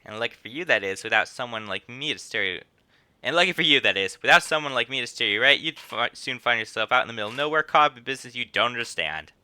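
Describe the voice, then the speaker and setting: A man's voice: medium pitch, expressive, quick pace, pushed and bright, smooth. A man doing a drawling folksy innkeeper lady. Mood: folksy, storytelling. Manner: drawling, wandering between put-on accents. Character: folksy female innkeeper and guild manager, chatty.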